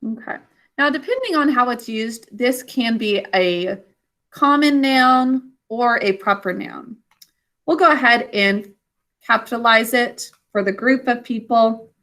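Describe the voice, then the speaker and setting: A woman's voice: a little high, unhurried, a bit bright. A woman teacher leading an online phonics lesson over a video call, patiently spelling words out sound by sound. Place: remote class on a video call.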